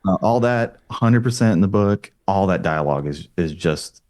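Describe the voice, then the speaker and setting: A man guesting on a film podcast, sharing his opinions in a relaxed, casual way. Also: low-pitched, normal speed.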